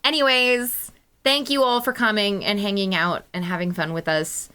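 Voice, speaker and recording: A woman streamer chats casually while wrapping up. She is bubbly and rambling, quick to apologize. Her voice is bright. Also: mid-range voice, steady tone, clean tone.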